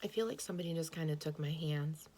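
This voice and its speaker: A woman's voice: low-pitched, quick pace, mellow, slight background noise. A woman giving an earnest intuitive tarot reading, speaking straight to the listener, repeating phrases and correcting her own words as she thinks aloud. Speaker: tarot reader.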